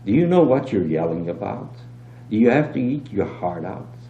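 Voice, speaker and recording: A man reading aloud and voicing a shrewd, calm innkeeper who talks with wheedling mock innocence. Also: fairly low pitch, normal speed, creaky. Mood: soothing. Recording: dull, roomy old home tape with hum.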